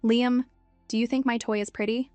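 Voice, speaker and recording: A woman's voice: on the high side, fairly even intonation, normal speed, a little mellow, smooth, no room sound, faint music behind, close to an everyday voice. A woman voicing a spiteful little girl who puts on a syrupy sweet, mocking manner.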